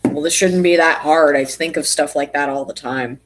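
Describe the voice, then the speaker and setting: A woman's voice: low-pitched, steady tone, moderate pace, slight background noise, poor audio. A woman from the United States chatting casually on a livestream while she draws, rambling and poking fun at herself. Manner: chatty, rambling, self-mocking. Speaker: streamer.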